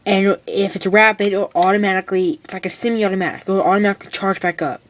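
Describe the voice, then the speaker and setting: A woman's voice: medium pitch, fairly even intonation, fast. Chatty girl in a noisy home video. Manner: rambling, chatty, full of "like" and "okay". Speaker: hobbyist showing a build. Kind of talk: casual how-to demonstration.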